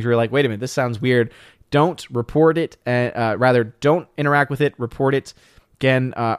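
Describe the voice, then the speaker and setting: A man's voice: mid-range voice, clear, resonant tone, no echo. Rambling opinionated man on a dry mic. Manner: rambling, many restarts and fillers; blunt, opinionated. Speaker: live stream host reading chat. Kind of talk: casual live chat.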